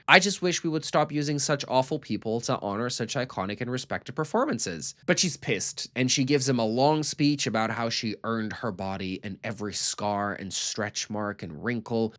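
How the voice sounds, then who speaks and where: Brief: male recap commentator, mid-pitched, snarky and mocking, with flat deadpan asides and sudden loud bursts.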